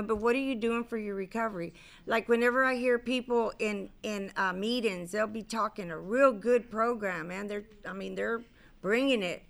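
A woman's voice: on the high side, creaky, a bit bright. Candid, rambling woman sharing her story. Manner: candid, rambling, many fillers and restarts, casual swearing. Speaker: speaker at a recovery convention. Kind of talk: personal share to an audience. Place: convention stage.

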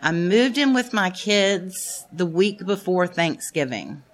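A woman's voice: fairly low pitch, expressive, slow. Candid woman in her fifties sharing. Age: 50s. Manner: candid and blunt, swears, laughs often; addresses the room directly. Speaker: speaker sharing at a recovery meeting. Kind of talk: personal testimony to a group.

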